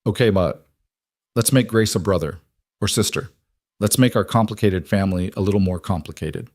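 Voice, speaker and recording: Gentle wry dad, guy narrator doing him, lowish voice, measured and soft. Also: dry recording, clean studio sound. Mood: tender. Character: adult male father, gentle and wry.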